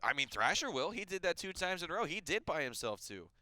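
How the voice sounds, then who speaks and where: A man calling live esports play-by-play, excitable and quick, with jokey asides. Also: on the high side, slight background noise.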